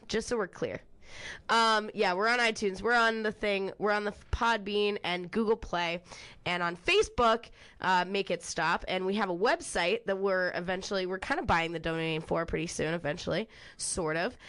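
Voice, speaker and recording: A woman co-hosts a podcast in loose, casual chat at a mid-range pitch. She is sarcastic and swears freely. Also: normal speed, a bit bright. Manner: sarcastic and profane. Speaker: podcast co-host.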